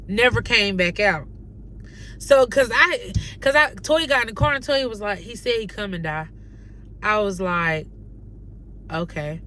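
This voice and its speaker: A young North Carolina woman does a casual storytime on her vlog in a mid-range voice, animated and slangy, acting out the dialogue she quotes. There is slight background noise.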